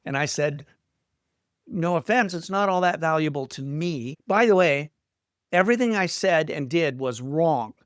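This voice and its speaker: A middle-aged man from Canada telling stories as an interview guest, self-deprecating and lively when quoting others. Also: fairly high pitch, unhurried, dry recording, clean studio sound. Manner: self-deprecating, animated retelling of quotes. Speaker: guest screenwriter. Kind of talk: casual interview storytelling.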